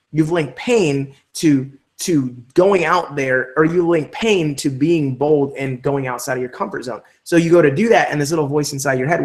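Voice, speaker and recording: An energetic male trainer hosting a live online session, driving his points home with emphatic coaching. His voice sits a little higher than most men's. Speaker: network marketing trainer.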